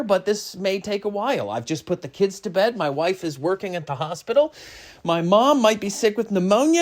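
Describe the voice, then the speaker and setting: A middle-aged man rambling through a comic podcast monologue. His pitch bounces all over the place as he drops into mock-serious near-whispers and then jumps back up loudly. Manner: rambling and jokey, swinging between mock-solemn hush and sudden loud bursts. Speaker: podcast host.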